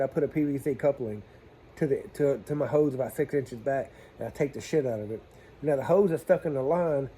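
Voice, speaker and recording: A man telling a plumbing job story in a casual vlog, animated and swearing freely as he talks to his viewers. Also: medium pitch, slight background noise.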